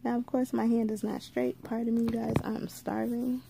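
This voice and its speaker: A woman hosts a relaxed live stream, taking her time and greeting each viewer by name. Her voice sits a little high but has a mellow, darker tone with a gravelly edge. She talks in an easygoing, drawn-out way, full of asides. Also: slight background noise. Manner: slow, drawn-out delivery with frequent asides. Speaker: livestream host. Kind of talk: casual live unboxing chat.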